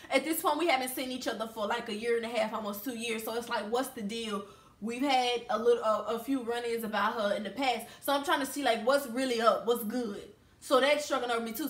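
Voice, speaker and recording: A young Louisiana woman, a vlogger, tells a storytime to the camera in a blunt, heated, emphatic manner. Her voice is fairly high and a bit bright, and the room echoes.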